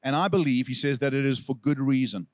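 South African pastor preaching, dry sound. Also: male voice, medium pitch, quick pace, dry recording. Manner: animated storytelling, acts out quoted figures. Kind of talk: sermon.

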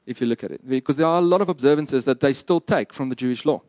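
A man's voice: mid-range voice, fast, darkish tone, no echo. A man preaching a sermon in an earnest, emphatic and plain-spoken way. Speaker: pastor.

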